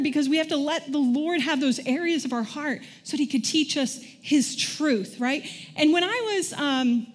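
A middle-aged woman preaching a sermon in a conversational way, often asking the congregation questions. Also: high-pitched. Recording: long church hall reverb.

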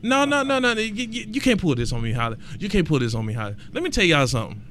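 Man hosting a podcast, casual and emphatic, goes big and loud when making a point. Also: high voice, fast, a little hiss or hum. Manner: animated and emphatic, rising to loud exclamations; colloquial, repeats words for emphasis. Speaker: podcast host.

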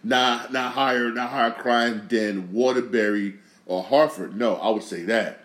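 A man talks through his own podcast in a loose, rambling solo monologue. He circles back on the same phrases again and again and swears freely. His voice sits at an ordinary middle pitch and carries a roomy echo. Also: a little slow, a bit bright. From Connecticut. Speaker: podcast host.

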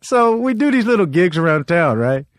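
A male comedian from Los Angeles telling stories on a podcast, animated and laughing often. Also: sits high, moderate pace, dry recording, studio quality. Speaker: guest comedian. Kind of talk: storytelling on a podcast.

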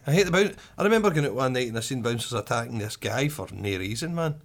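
Glaswegian man, young, animated pitch, sweary casual storytelling. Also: fast talker. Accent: Glaswegian Scottish. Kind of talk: casual chat.

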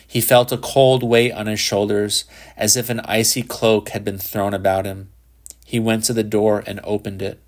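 Low-voiced male audiobook narrator.

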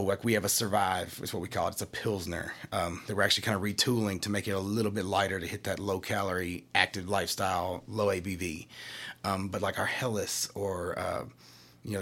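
Husky-voiced chatty brewery man. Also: sits low, fairly even intonation, a little fast, fairly bright tone. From Kentucky. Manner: chatty, explanatory, asks rhetorical questions. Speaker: craft brewery representative. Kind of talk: casual chat.

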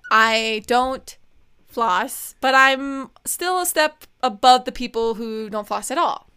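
A young woman with a bright, crisp voice, chatting casually as a podcast co-host. She tells her stories with lots of energy, acting out what people said and swearing freely. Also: a little high, slow pace. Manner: animated storytelling, acts out quotes, swears freely. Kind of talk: casual chat.

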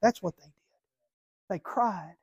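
A man preaching an impassioned sermon from a church pulpit, swinging between hushed lines and shouting. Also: sits high, unhurried, husky. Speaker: pastor.

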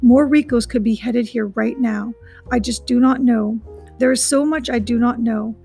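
A woman voicing a calm, earnest female robot mother who speaks in a plain, measured way. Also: a little high, slightly rough, soft background music.

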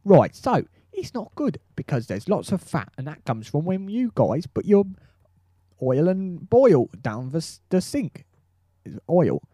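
A man voicing a gruff male sewer chief in a put-on Cockney accent, full of slang, in an improvised comedy sketch. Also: fairly high pitch, sing-song, a little slow, mellow, dry recording, clean studio sound. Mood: blustering. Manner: slangy, blustering.

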